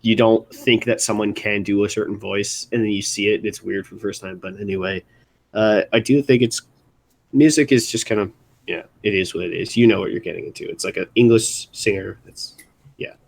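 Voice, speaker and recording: On a live stream's music segment, the young Baltimore host speaks low and gravelly with fairly even intonation. He rambles haltingly, frequently abandoning sentences to start over.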